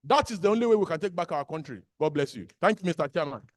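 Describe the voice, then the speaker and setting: A man with a Nigerian accent delivers a fiery public speech in a notably high voice. He hammers his points home by repeating whole phrases. The sound is close and dry, with no room around it. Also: animated, fast talker, no echo. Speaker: activist speaker at a birthday gathering.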